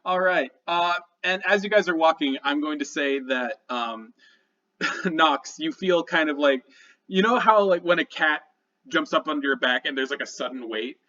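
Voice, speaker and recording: A man's voice: on the high side, normal speed, bright, forceful tone, recorded from a distance, dull audio. A man narrating as game master of a tabletop game, casual and laughing often between descriptions.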